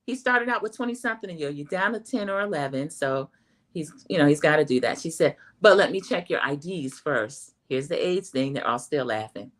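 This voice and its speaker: A middle-aged woman giving a chatty, animated recap of a reality show, talking straight to her viewers. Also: deep voice, a little fast. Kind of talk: casual recap commentary.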